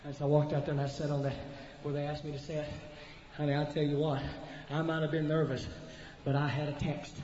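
A preacher tells a humorous story in a folksy manner, often repeating himself and speaking straight to his listeners. His fairly high voice is flat, brisk and dark-toned, with frequent pauses, and the recording sounds dull and lo-fi in an echoey hall with faint noise.

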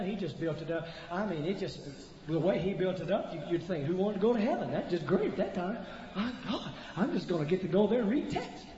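Here the preacher's voice is high and darkish, moving a little fast as he relates a comic story in homespun style. He repeats himself a lot and talks right to his audience. Faint noise, hall echo, and a dull lo-fi quality mark the recording.

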